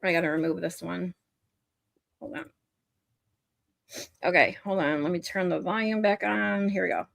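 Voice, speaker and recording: A woman's voice: on the low side, steady tone, moderate pace, gravelly, long pauses, no room sound. A woman hosting a livestream, chatting casually, laughing often and swearing freely. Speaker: livestream host. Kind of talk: casual chat, profane.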